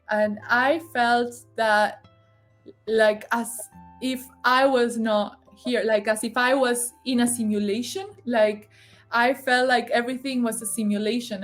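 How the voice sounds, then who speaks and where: A woman telling a personal spiritual story in a casual, emotional way, often laughing and acting out the voices of others. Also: fairly high pitch. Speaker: guest sharing spiritual story.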